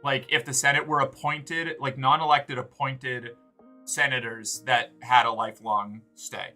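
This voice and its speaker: A man's voice: mid-range voice, fairly even intonation, unhurried, pushed and bright, soft background music. An American man chatting casually with viewers on a livestream, rambling with lots of fillers and swearing freely. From United States.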